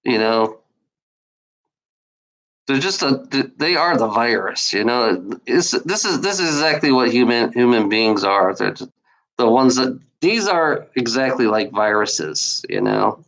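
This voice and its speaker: This man rants alone on a livestream, profanely and scornfully answering his chat trolls and repeating himself as he rambles on. His medium-pitched voice is animated and a bit bright, and he keeps a measured pace. The audio is poor.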